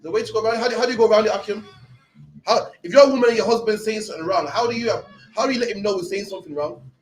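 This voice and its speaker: Fast-talking high-voiced man teaching scripture. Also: soft background music, poor audio. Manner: streetwise, blunt, peppered with slang. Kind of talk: loose teaching talk.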